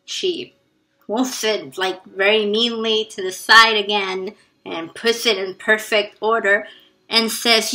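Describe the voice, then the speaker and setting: A vlogger recounts a personal story slowly and earnestly, using a bright, forceful mid-range voice with a level tone. Now and then she slips into hushed asides.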